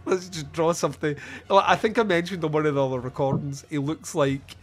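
A man hosting a podcast, retelling a film scene by scene in a casual, animated way with quick put-on voices and frequent laughter. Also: fairly high pitch. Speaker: podcast host. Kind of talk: casual film review chat.

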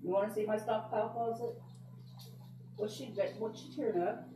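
Mellow-voiced grandmother in a roomy house. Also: fairly high pitch, fairly even intonation, moderate pace, a little hiss or hum. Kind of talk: casual chat. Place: indoors in a house.

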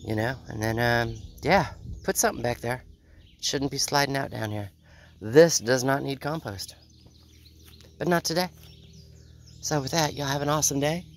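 A woman vlogging outdoors in her backyard garden. She rambles in a casual, unhurried way, sounds a little out of breath, and feels unwell. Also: a bass voice, slight background noise. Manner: rambling, unhurried, with repeated sign-offs. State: feeling unwell. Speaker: homestead vlogger. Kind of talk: casual chat.

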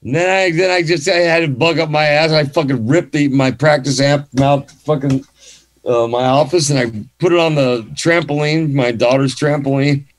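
Animated, swearing man with a higher voice. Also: moderate pace. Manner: animated, swears freely, many restarts. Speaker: guest musician. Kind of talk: casual storytelling.

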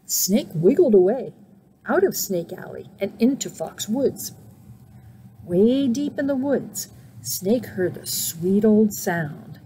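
Woman, middle-aged, storybook reader for children, slow and breathy, lively pitch. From United States. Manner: slow, expressive, asks children questions. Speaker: faith formation director reading to children. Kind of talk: storybook read-aloud for children. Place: church setting.

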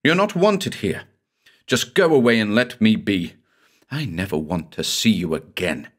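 A man's voice: fairly low pitch, animated, unhurried, fairly bright tone, husky, heavily acted. A man voicing a terrified, half-possessed young woman who babbles and sobs. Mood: bitter. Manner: babbling, sobbing, pleading.

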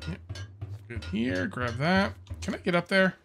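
A man's voice: sits high, sing-song, unhurried, creaky, a bit bright, a little hiss or hum. Easygoing man narrating his gameplay. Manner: rambling, easygoing, lots of fillers and restarts. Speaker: gameplay commentator. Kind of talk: casual let's-play commentary.

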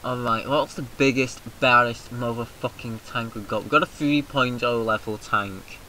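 A British man giving casual, excitable let's-play commentary, swearing freely and shouting rallying cries, with a slightly mucousy throat. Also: mid-range voice, moderate pace, a little hiss or hum, low-quality recording. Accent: British English. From Britain. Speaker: gaming video host.

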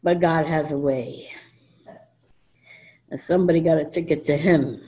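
An older woman from New York gives a personal testimony at a convention. She tells her story in a blunt, emphatic and animated way, and she acts out the lines of the people she quotes. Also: sits low, measured pace, low-quality recording. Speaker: speaker at a recovery convention. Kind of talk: personal testimony to a live audience. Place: convention meeting room before an audience.

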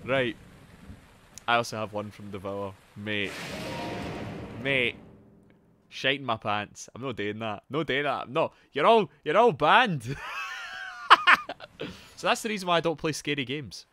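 A young man with a Geordie accent streaming a video game live, swearing, yelling and shouting out to his chat. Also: mid-range voice, normal speed, pauses often, a little hiss or hum. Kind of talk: live gameplay commentary.

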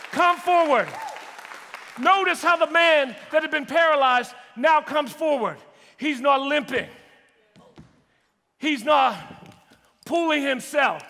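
A man's voice: extremely high pitch, bright, forceful tone, big-room sound. A man preaching a sermon with dramatic, courtroom-style framing in a church auditorium. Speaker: pastor.

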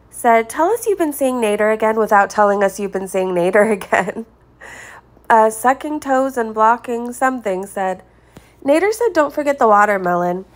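Woman reading comments with wry asides. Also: fairly high pitch. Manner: reads comments aloud with chuckles and quick asides. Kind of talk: casual reading aloud of social media comments.

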